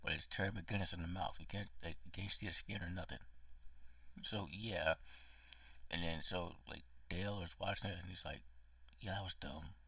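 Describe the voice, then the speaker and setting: A low, gravelly man rants through a casual movie review, swearing and getting worked up, sometimes dropping into a hoarse whisper. His voice is bright and edgy but husky, and the sound is dry, from a mic set back a little. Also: steady tone, moderate pace, no room sound, recorded from a distance. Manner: emotional, profane, dramatic ranting with whispered asides. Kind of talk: casual spoken film review.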